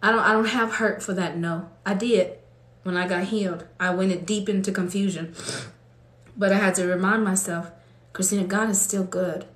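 A woman preaching with emotion, building to fervent, high-pitched exclamations as she speaks to her listeners. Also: fairly even intonation, normal speed, a bit bright, roomy sound. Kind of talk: impassioned preaching.

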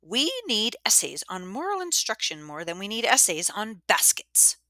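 A woman reading a storybook, voicing a strict, cold older female school matron with a sharp, stiff manner. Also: medium pitch, big pitch swings, moderate pace, dry recording, clean studio sound, voice pushed up.

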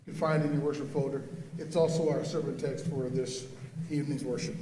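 A man leading worship as pastor, reading scripture aloud in a measured, formal way in a church. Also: mid-range voice, steady tone, warm tone. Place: church sanctuary. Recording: echoey church from far off.

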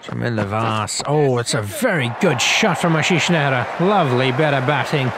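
A young man giving rambling, casual play-by-play commentary over a cricket video game, getting excited on big shots. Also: mid-range voice, normal speed. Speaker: gaming commentator. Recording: loud crowd and game noise behind.

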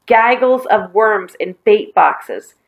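A woman's voice: mid-range voice, animated, takes it slowly, vocal fry, highs cut off. A woman reading aloud, voicing a stubborn but weary, queasy boy who talks in tired, earnest sighs.

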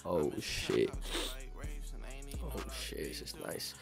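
A man's voice: very deep voice, huge pitch swings, extremely slow, gravelly, over music. A young man in his twenties chatting on a livestream, laid-back and swearing a lot as he reacts to chat. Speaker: streamer.

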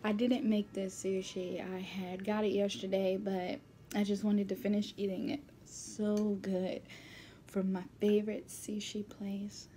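A woman vlogger chatting casually while she eats, sometimes dropping into a soft whisper, recorded on a built-in camera mic. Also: medium pitch, little pitch movement, measured pace, a little hiss or hum. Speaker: mukbang vlogger. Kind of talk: casual chat while eating.

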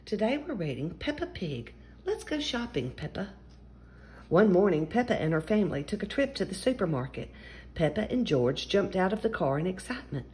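A woman hosting a story-time channel, reading a children's picture book aloud in an animated, expressive way. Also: medium pitch, normal speed. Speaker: storyteller host.

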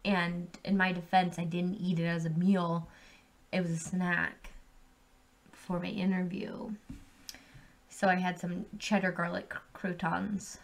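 Slow-talking, foul-mouthed woman vlogger. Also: fairly low pitch, level tone. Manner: laid-back, swears freely, rambling with many ums. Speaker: vlogger reviewing drinks. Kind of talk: casual profane vlog chat. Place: at home.

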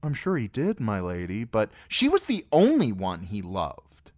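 A man's voice: on the low side, wildly swooping pitch, measured pace, darkish tone, dry recording, clean studio sound, pitched above the performer's own voice. A man voicing a shy, polite boy squire and young lord in a storybook reading, earnest and a little hesitant. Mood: solemn.

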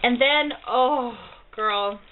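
A bubbly woman in her thirties shows off gifts in a casual home vlog, gushing and delighted, her voice fairly high and her speech slow and drawn out. The audio is tinny and narrow, like a phone line, from a built-in camera mic with a faint hiss behind her. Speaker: vlogger. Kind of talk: casual mail haul vlog.

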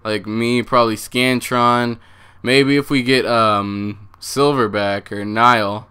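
Bright-voiced young man, jumpy game commentary. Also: medium pitch, steady tone, takes it slowly, clean tone. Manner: jumpy, swears a lot, talks to viewers. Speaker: gaming channel host.

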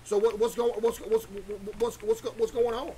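A man streaming a horror game, excitable and stammering as he talks to his chat. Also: very high voice, normal speed, slight background noise. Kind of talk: live horror gameplay commentary.

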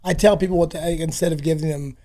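A man guesting on a casual podcast chat, talking in a raspy voice, rambling and swearing freely. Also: fairly high pitch, fairly even intonation, fast, dark tone.

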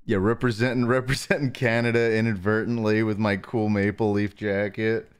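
A man hosting a live stream, chatting casually with viewers and talking softly close to the mic to save his voice. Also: lowish voice, flat delivery, moderate pace, clean tone. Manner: joking, reads chat names aloud. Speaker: livestream host.

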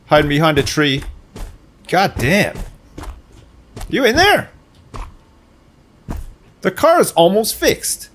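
A man's voice: sits high, huge pitch swings, slow, pauses often, a bit bright, a little hiss or hum. A man hosting a gaming session, teasing and swearing as he chats with friends. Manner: teasing, sweary, sing-song taunts. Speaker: gaming channel host. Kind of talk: casual gaming chat with friends.

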